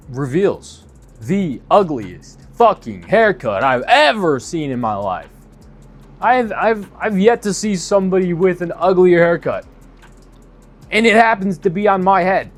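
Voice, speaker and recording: A young man telling a story in a casual, profane, exasperated way, as a vlogger. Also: fairly high pitch.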